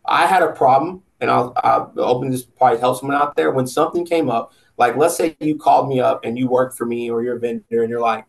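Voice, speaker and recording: A man with a gravelly, fry-edged voice at an ordinary pitch. He talks casually and bluntly on a podcast, swearing freely as he hands out motivational advice. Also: quick pace, hardly any pauses, poor audio. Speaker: podcast guest, business owner.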